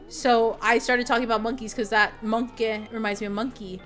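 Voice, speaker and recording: A woman's voice: a little high, steady tone, brisk, fairly bright tone, faint music behind. A young woman streamer chatting casually with her viewers, rambling with lots of fillers and giggles. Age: young adult.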